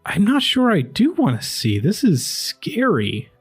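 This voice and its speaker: A man's voice: medium pitch, animated, darkish tone, soft background music. A man playing a wary, exasperated townsman. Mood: alarmed. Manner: halting, exasperated. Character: wary grumbling human man, a father.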